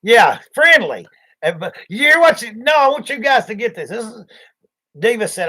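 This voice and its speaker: A man's voice: very high-pitched, sing-song, moderate pace, bright, forceful tone. A man, hosting a livestream and telling rambling, folksy stories, acting out the voices. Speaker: livestream host. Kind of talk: casual storytelling chat.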